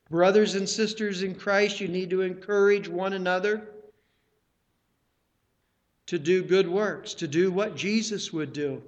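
A man's voice: high-pitched, muffled recording. A man preaching a sermon. He exhorts his listeners with direct questions and repeats key phrases for emphasis.

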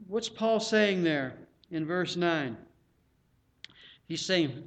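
Middle-aged male preacher, high voice, pleads and builds to loud emphatic bursts. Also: expressive, slow pace, long pauses. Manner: earnest, pleading, rising to loud emphatic peaks. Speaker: pastor. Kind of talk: sermon.

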